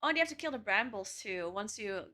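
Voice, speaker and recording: A woman's voice: mid-range voice, lively intonation, fast, pushed and bright. A woman streamer chatting casually and thinking aloud while setting up her game, laughing often. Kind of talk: casual live-stream chat while gaming.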